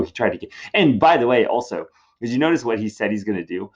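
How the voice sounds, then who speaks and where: Chatty sarcastic guy teacher explaining a play, low-ish voice, muffled recording. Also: very animated, fast. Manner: casual and wry, with many asides. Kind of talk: recorded literature lesson.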